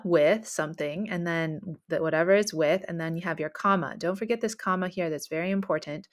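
A woman teaching a writing lesson, explaining sentence patterns in a clear, patient way and reading example sentences aloud. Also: medium pitch, fairly bright tone.

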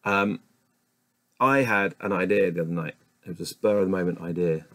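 A man's voice: low-pitched, normal speed, a bit bright, no echo. A man reading dictionary entries aloud one after another, stopping now and then to mutter doubts about how a word is said. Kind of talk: reading a word list aloud with casual asides.

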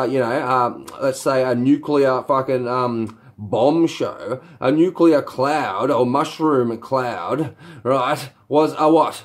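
A man rambling through a vlog monologue, swearing often and firing rhetorical questions at himself. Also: mid-range voice. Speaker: video blogger.

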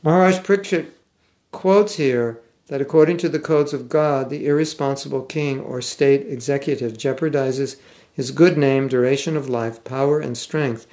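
Older american guy giving a scripture class, gravelly voice, thinks out loud, stops and restarts. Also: mid-range voice. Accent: General American. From United States. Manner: thoughtful, halting, reads passages aloud. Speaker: spiritual teacher. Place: class room.

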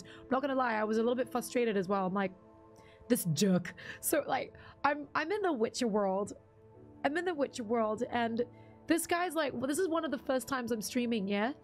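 A woman streamer chatting casually while she plays, rambling through stories and laughing often. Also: on the high side. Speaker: game streamer. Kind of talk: casual live-stream chat while gaming.

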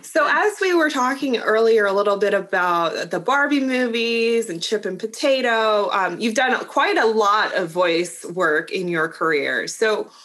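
A woman podcast host asks questions slowly, and her pitch rises and falls expressively. She keeps encouraging her guest with small affirmations. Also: animated, fairly bright tone. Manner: unhurried, encouraging questions with frequent backchannel. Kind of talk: casual interview chat.

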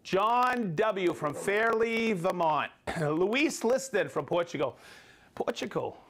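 A middle-aged man with a fairly high voice runs a live stream. He reads viewers' names and hometowns in an upbeat way and trips over the tricky ones. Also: lively intonation, slow, fairly bright tone. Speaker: livestream host.

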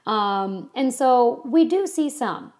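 A woman's voice: fairly high pitch, lively intonation, takes it slowly, darkish tone. Chatty woman teaching a history lesson. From California. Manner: chatty, many ums and you-knows. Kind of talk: classroom lecture.

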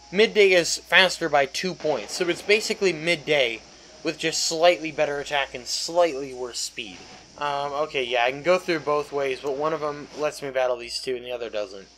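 A man's voice: on the high side, moderate pace, a bit bright, slight background noise, poor audio. A man casually commenting on his game run, chatty and jokey, swearing freely. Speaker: let's play host.

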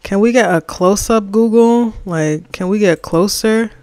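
A livestreamer chatting casually while designing, slangy and animated, reading and answering the chat and ranting about opinions. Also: medium pitch, a little slow, dry recording, clean studio sound.

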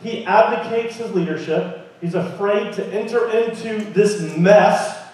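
A man preaching a sermon in a church, lively and conversational, often asking the congregation questions. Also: sits high, moderate pace. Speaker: pastor. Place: church sanctuary. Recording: very echoey room, mic at a distance.

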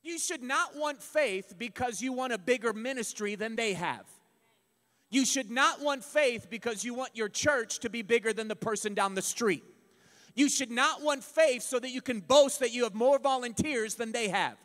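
Man, pastor, emphatic sermon, shouting at peaks, high-pitched, church hall echo. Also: normal speed. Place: church sanctuary. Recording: long reverb of a church hall.

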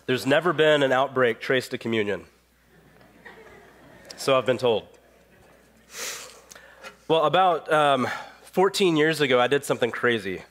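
Male pastor, 30s, mid-pitched, fighting a cold; relaxed storytelling sermon with plenty of fillers. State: has a cold. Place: church sanctuary.

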